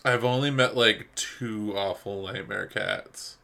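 A man co-hosting a podcast in casual chat, excitable, laughing and swearing often. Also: lowish voice, takes it slowly, gravelly. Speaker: podcast co-host.

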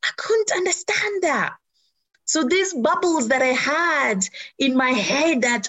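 Middle-aged woman, personal testimony, slightly high voice, earnest and emotional, halting restarts. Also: animated, a bit bright. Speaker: speaker sharing a personal story.

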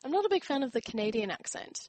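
A woman's voice: sits high, sing-song, fast, darkish tone, no echo. A young woman from North Carolina with a blended American accent that has Australian, New Zealand and British touches. She talks chattily, with many fillers. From North Carolina, USA. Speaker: interview guest. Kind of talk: casual interview chat.

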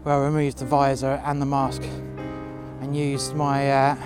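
A man's voice: mid-range voice, monotone, over music. A man telling a workplace story outdoors in the freezing cold, blunt and full of profanity. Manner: blunt and profanity-laden, slowing when tired. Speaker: storyteller recounting a workplace incident. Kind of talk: profane angry first-person storytelling. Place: outdoors in sub-zero cold.

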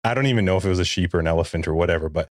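A man in his forties with a low voice tells a family story on a podcast, acting out what everyone said. The sound is dry and close, with no room around it. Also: racing, no room sound. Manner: animated storyteller, acts out quotes. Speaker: podcast co-host. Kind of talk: casual chat.

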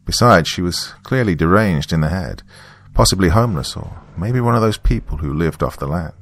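A man reading a first-person horror story in a measured, hushed storytelling manner. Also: low voice, lively intonation, no room sound. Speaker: narrator. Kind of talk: scripted horror narration.

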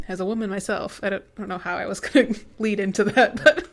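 A woman's voice: medium pitch, brisk. A young woman co-hosting a podcast in casual chat, talking with lots of likes and ums and laughing often. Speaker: podcast co-host.

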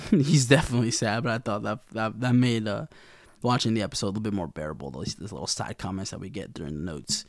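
A man's voice: fairly low pitch, fast talker, darkish tone, no echo, studio quality. A young man casually recapping a TV episode in a slangy, rambling way, acting out the characters' lines. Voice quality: gravelly, with vocal fry.

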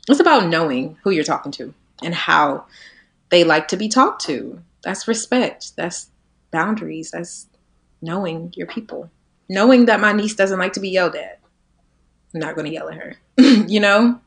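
A low-voiced woman in her twenties chatting as a podcast guest. She talks in a reflective way, laughs easily, and lets her sentences drop quieter as each thought winds down. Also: normal speed, creaky. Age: 20s. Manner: reflective, laughing often, drifting softer at ends of thoughts. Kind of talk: casual conversation.

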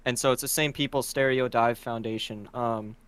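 A man's voice: medium pitch, steady tone, normal speed, fairly bright tone, clear, resonant tone, dry recording. A young man co-hosting a podcast, chatting casually and rambling as he hunts for words. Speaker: podcast co-host. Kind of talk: casual chat.

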